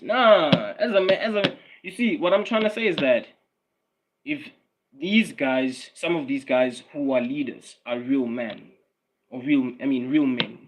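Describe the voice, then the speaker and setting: A man's voice: medium pitch, measured pace, background noise. A man, a Swati speaker, ranting casually and profanely on a livestream, repeating himself and often laughing. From South Africa. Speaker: YouTube streamer.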